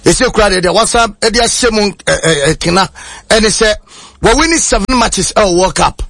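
A man presenting a radio sports segment in a steady, informative way. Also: sits high, moderate pace, vocal fry, dry recording, studio quality.

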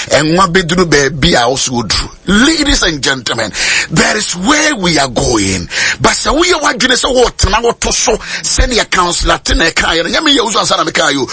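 Ghanaian man preaching in a shouting sing-song. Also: sits high, very animated, normal speed, breathy edge, faint music behind. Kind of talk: sermon.

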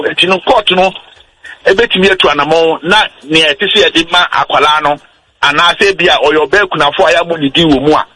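A man on a radio talk show, patiently explaining how wills and estates work, slowing down on his key points. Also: fairly high pitch, pushed and bright, breathy edge, poor audio. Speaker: legal explainer guest.

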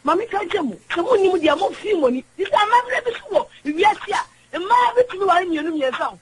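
Woman caller, very high pitched, preachy, emphatic. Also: sing-song, fast, a little hiss or hum, low-quality recording. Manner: emphatic, preachy, switches between languages. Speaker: radio caller. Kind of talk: call-in opinion talk.

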